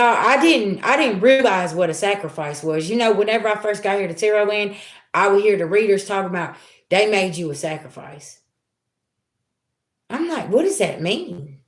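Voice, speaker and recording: Candid middle-aged woman, echoey room. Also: medium pitch. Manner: candid, heartfelt, streetwise, swears freely. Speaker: tarot reader livestream host. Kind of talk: casual live-stream talk to viewers.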